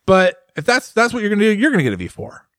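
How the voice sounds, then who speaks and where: Animated man in casual bike chat. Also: high voice, no room sound, clean studio sound. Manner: animated, acts out riders' thoughts in quick bursts. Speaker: podcast co-host.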